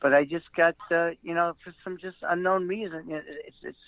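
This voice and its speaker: A middle-aged man, a comedian guest, telling a rambling story with halting fillers and restarts, acting out the quotes, over a tinny phone-like line. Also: a little high, fairly even intonation, no room sound.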